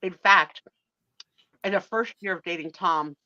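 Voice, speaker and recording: Animated middle-aged woman co-host, bright lively voice, dull dry lo-fi stream audio. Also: on the low side, a little slow, dry recording. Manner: animated, acts out voices in her stories. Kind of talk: casual storytelling chat.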